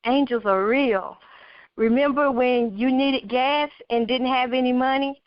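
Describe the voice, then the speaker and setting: A woman's voice: high voice, fairly even intonation, unhurried, dry recording. A woman reading the lines of a weak, coughing teenage girl who is dying and speaks serenely to reassure her parents. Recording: dull lo-fi recording.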